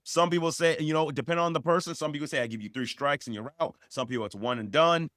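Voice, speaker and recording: Forceful man giving blunt advice. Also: a little high, quick pace, dry recording, studio quality. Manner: forceful, repetitive, rises sharply for emphasis. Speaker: podcast co-host. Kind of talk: emphatic advice talk.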